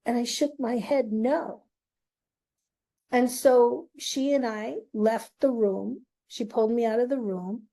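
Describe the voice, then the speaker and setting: A middle-aged woman hosting her own show, slowly and earnestly telling a personal story in a confiding way. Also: a little high, fairly even intonation, warm tone. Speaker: host.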